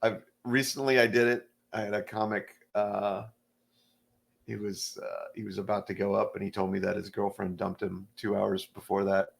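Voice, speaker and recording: A middle-aged stand-up comedian chatting casually on a podcast, a relaxed storyteller who acts out the voices in his anecdotes. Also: lowish voice, moderate pace, gravelly.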